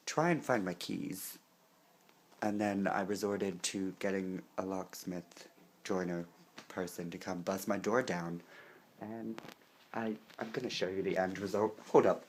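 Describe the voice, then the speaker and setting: A man's voice: low voice, measured pace, a little mellow, a little hiss or hum, low-quality recording. A young man with a put-on American accent, talking casually in a rambling, sweary way full of ums and likes. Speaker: vlogger.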